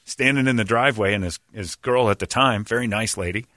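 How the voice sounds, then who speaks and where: A man's voice: fairly low pitch, fairly quick, pushed and bright, no room sound, studio quality. A man hosting a casual chat, rambling and blunt, acting out quoted lines as he tells stories. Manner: rambling, blunt storyteller who acts out quotes.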